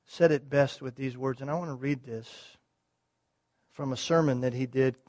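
A man's voice: medium pitch, fairly even intonation, normal speed, a little mellow. A man preaching a sermon to his congregation, earnest, repeating key words, with small restarts as he explains. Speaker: pastor.

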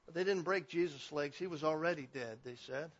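A man preaching a sermon in an animated way, swinging between loud emphasis and quiet passages. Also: fairly high pitch, a little fast. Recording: dull lo-fi recording.

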